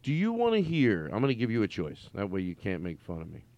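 A man's voice: on the low side, huge pitch swings, fast, a little mellow, dry recording, dull audio. A man hosting a podcast in casual comedic chat, playful and rambling as he teases his guest. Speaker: podcast host.

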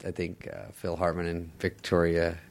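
A man telling stories in casual chat as a podcast guest, acting out other people's lines with lively changes of voice. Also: low voice, normal speed, creaky. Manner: animated storyteller, acts out other people's lines. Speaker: podcast guest, former sketch comedy cast member.

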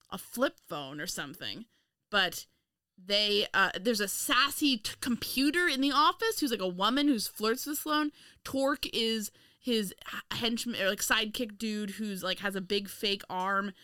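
Woman co-host, sarcastic riffing, lively swooping pitch, dry close sound. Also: a little slow, clean tone, no echo. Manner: animated, sarcastic, laughs often. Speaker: podcast co-host. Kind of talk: casual chat.

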